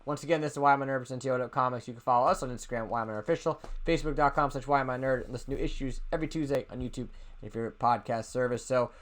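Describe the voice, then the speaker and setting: A man hosts a comics podcast at a fast clip, words tumbling out with repeats and restarts. His talk is casual and crude, at a middling pitch for a man. The tone stays loose throughout. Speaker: podcast host. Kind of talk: casual chat.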